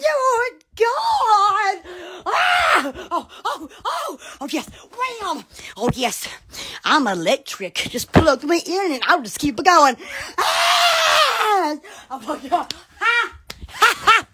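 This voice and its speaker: A woman's voice: very high voice, bright, forceful tone. A woman with a Southern American accent, rambling on a phone live stream, giddy and exclamatory, breaking into squeals and laughter. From Alabama. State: sweating in the heat. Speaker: social media live streamer. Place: hot room at home.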